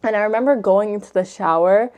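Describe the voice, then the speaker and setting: A woman's voice: medium pitch, fast, dull audio. A young woman vlogger telling a personal story in a casual get-ready-with-me video, chatty, emotional and full of fillers. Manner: chatty, filler-heavy, says "like" and "you guys" constantly; emotional and animated retelling.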